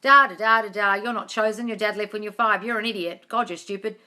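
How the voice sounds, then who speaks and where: A woman's voice: medium pitch, fast talker, pushed and bright. A woman hosting a live-streamed Q&A as a manifestation coach, effusive, calling viewers darling and swearing casually. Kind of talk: live-stream Q&A, reading comments aloud. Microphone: tablet mic.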